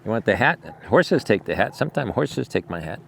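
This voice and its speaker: A man who rescues animals, hosting a casual vlog outdoors at his sanctuary, talking to the camera and cooing soft, repetitive praise to his dogs. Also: lowish voice, very animated, brisk, vocal fry, slight background noise. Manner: coos softly to dogs, repeating praise, dropping to near-murmurs; rambling, repeats himself when talking to the audience. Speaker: animal rescuer and show host.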